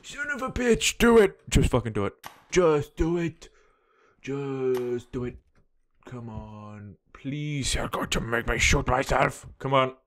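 A young man doing let's play commentary on a game, frantic and swearing, yelling at the game as he plays. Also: mid-range voice, animated, slow pace. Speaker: gaming video host.

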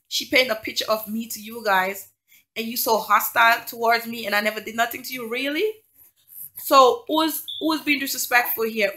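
In this indignant storytime vlog, a single mother recounts a conflict in a bright, forceful, somewhat high voice. Emphatic throughout, she hammers her argument with one rhetorical question after another.

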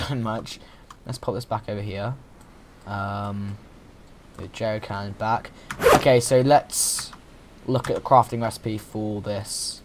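This young man, a gaming YouTuber, talks in a lowish voice over a bit of background noise. He's giving relaxed, playful let's-play commentary on a survival game, rambling and often starting his sentences over.

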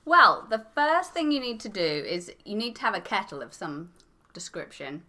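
English lady guest, mixed accent, bright voice, explains stuff plainly. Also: medium pitch, big pitch swings, moderate pace. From England. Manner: clear, matter-of-fact instructing. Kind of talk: explaining, casual chat.

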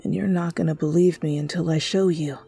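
A woman's voice: low-pitched, steady tone, fairly quick, vocal fry, dark tone, slightly rough, faint music behind, exaggerated voice. A woman voicing a frantic, desperate young man who pleads and stammers, in a whispered role-play. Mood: hurt.

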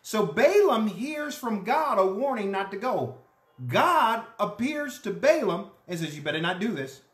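A pastor preaching a sermon, telling a story in an animated way and acting out the characters' lines. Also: mid-range voice, unhurried, roomy sound. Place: church.

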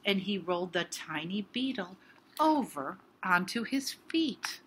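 A woman reading a picture book aloud to children, slow with expressive emphasis. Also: medium pitch, slight background noise. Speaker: storybook reader.

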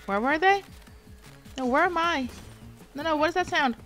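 A woman's voice: sits high, expressive, normal speed, a bit bright, faint music behind. A woman livestreaming a game, chatting casually and exclaiming when startled. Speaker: streamer. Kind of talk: casual gameplay livestream chat.

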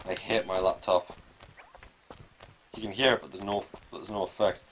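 A man giving casual let's play commentary, swearing and yelling at the game. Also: on the low side, steady tone, moderate pace, a little hiss or hum. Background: faint game music.

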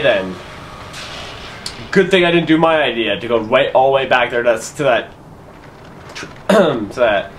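A man's voice: mid-range voice, a bit bright, slight background noise. A young man giving casual let's-play commentary, muttering to himself and swearing often in frustration. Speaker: gaming commentator.

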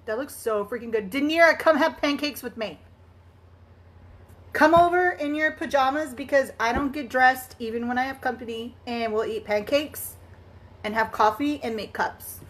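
A woman's voice: high-pitched, normal speed. A woman hosting a casual live stream while she crafts. She chats in a bubbly way, greets viewers by name and laughs often.

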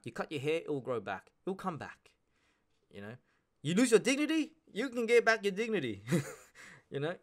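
A man hosting a podcast, ranting in a casual monologue, swearing and repeating himself as he presses his points. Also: medium pitch. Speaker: podcast host.

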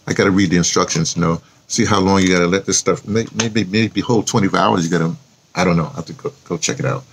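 This vlogger, a man with a New York accent, talks fast in a low-sitting voice, with a little hiss or hum in the recording. He chats and rambles to camera, talking to himself while typing a post and spelling words aloud.

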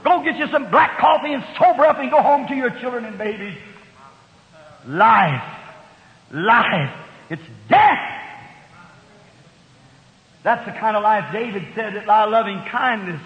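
A man in his fifties preaching a sermon, telling folksy stories and breaking into loud, fervent outbursts. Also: very high-pitched, moderate pace. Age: 50s. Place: large church hall. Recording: dull old recording in a reverberant hall.

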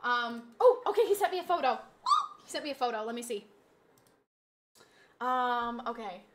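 A woman streaming a game, chatting casually with her audience, reading chat aloud and slipping into animated, mock-indignant rants. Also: on the high side, moderate pace, slight background noise. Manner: chatty, reads chat aloud, laughs easily. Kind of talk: casual live-stream chat while gaming.

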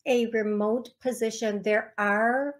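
A woman psychic medium giving a call-in reading on a radio show, speaking gently and calling the caller love. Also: fairly high pitch, steady tone, slow pace. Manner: soft-spoken, affectionate, calls caller love. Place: radio studio.

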